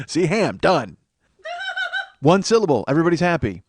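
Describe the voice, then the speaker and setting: A man's voice: on the high side, sing-song, normal speed, noisy background. A man hosting a comedy podcast, telling a long rambling story in a profane, self-mocking way. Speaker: podcast host. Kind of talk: comedic monologue.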